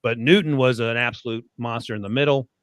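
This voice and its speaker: A man co-hosting a podcast, talking fast and teasing his co-host with frequent laughs. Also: medium pitch, no room sound. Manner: quick, laughs often, teasing. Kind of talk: casual sports chat.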